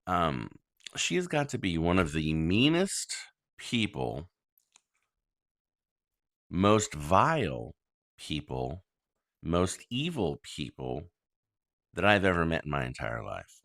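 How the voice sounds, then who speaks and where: A man talking straight to his listeners as a worried, angry father, blunt and full of ums. His voice sits very low but swings widely in pitch. The sound is dry and close. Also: creaky, a bit bright, no room sound. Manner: frank, blunt, frequent ums and swearing; indignant, complaining. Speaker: father making a public plea. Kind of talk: monologue to listeners.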